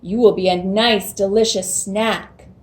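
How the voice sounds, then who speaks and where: A woman voicing an enormous, hungry male troll who roars his lines slowly and loudly in a children's storytime. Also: mid-range voice, steady tone, natural voice. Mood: roaring. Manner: roaring, slow and loud.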